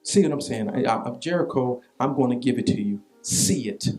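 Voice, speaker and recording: Here a pastor preaches with a personal anecdote, animated and repetitive, slipping in vernacular asides. He speaks at a medium pitch and a brisk pace, with faint music in the background.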